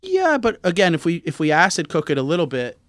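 A man's voice: a little high, wildly swooping pitch, quick pace, a bit bright, no echo. A man who is a chef guest, explaining a cooking demonstration in an easygoing, plain way in a studio. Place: radio studio.

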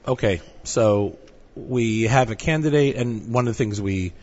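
A man's voice: medium pitch, a little slow, a little mellow. A man hosting an interview, asking questions in a conversational, hesitant way with frequent fillers. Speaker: interview host. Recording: echoey dull room audio.

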